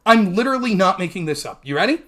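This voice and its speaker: Animated, argumentative male talk host. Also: high voice, quick pace. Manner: argumentative, mimics opponents mid-sentence; profane and emphatic. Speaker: political talk show host. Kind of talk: heated debate recap monologue.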